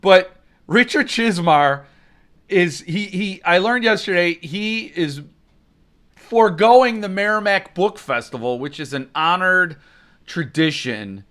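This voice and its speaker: A man's voice: high voice, lively intonation, unhurried, a bit bright. A man hosting a live stream, ranting in a rambling, mock-outraged way, and he breaks into sudden screams.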